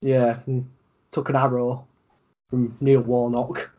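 A man's voice: medium pitch, level tone, slow, dark tone, muffled recording. A man with a Yorkshire accent co-hosting a casual football podcast, rambling with lots of fillers and free swearing. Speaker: podcast co-host.

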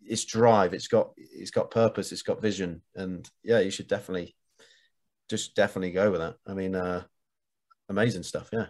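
Upbeat low-voiced host. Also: male voice, fairly even intonation, normal speed, a little mellow. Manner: enthusiastic, encouraging. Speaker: podcast host. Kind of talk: casual conversation.

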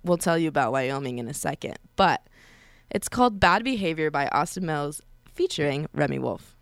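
A woman's voice: deep voice, expressive, moderate pace, gravelly, no room sound. A young woman hosting a college radio show, chatting casually and gossiping with a laugh.

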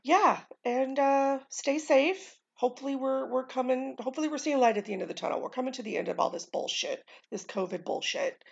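A woman's voice: high voice, fairly quick, vocal fry, few pauses, husky, dull audio. An American woman hosting a casual solo podcast, rambling through her thoughts with lots of ums and casual swearing. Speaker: podcast host.

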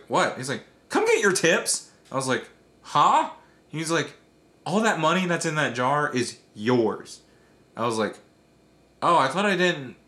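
Young male bartender, casual storyteller, mid pitch, reverberant room. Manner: animated storyteller, acts out quoted voices. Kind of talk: casual chat.

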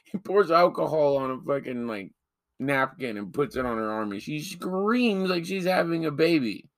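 A man's voice: fairly high pitch, expressive, moderate pace, no room sound, studio quality. A man co-hosting a podcast, chatting casually about a movie with profane, joking, mock-outraged remarks. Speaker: podcast co-host. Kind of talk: casual movie-review chat.

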